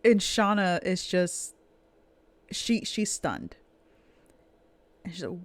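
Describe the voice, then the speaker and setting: A woman runs a tabletop game as game master, unhurried and dramatic as she narrates the scene. Her voice sits a little low, and she takes her time over every line. The sound is dry and close, with no room around it. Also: animated, dry recording. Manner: slow, dramatic storytelling.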